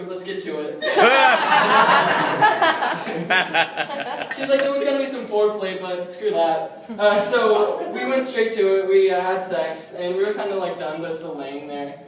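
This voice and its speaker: A young man telling a rambling stand-up story on stage, full of ums and likes and laughing at his own jokes. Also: high voice. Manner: rambling, self-amused, lots of ums and likes. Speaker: stand-up comic. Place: comedy club stage. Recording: echoey room recorded from far, noisy. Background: audience laughter.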